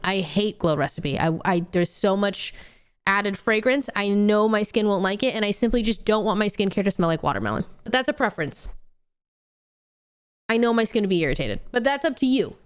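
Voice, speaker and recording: A woman's voice: medium pitch, lively intonation, brisk, clean tone. A young woman streamer in casual chat with viewers, blunt and playful, swearing often while scolding.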